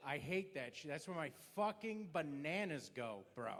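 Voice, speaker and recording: A man's voice: a little high, big pitch swings, normal speed. A man doing stand-up on a comedy club stage, ranting bluntly and crudely with stammers.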